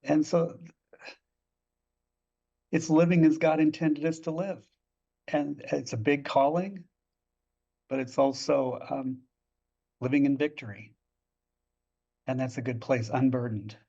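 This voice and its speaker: A man speaks in a warm, affirming way as a podcast guest. His voice is slightly husky and sits a bit back from the mic. The sound is dull and lo-fi. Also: medium pitch, fairly even intonation, takes it slowly, pauses often, distant mic. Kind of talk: encouraging podcast conversation.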